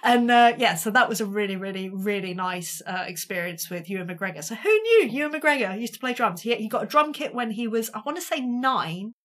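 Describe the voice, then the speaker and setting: A woman's voice: on the high side, expressive, fairly quick, hardly any pauses, fairly bright tone. A British woman, a touring drummer, telling a story in a casual and self-deprecating way, acting out the quotes with energy. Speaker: podcast guest, touring drummer.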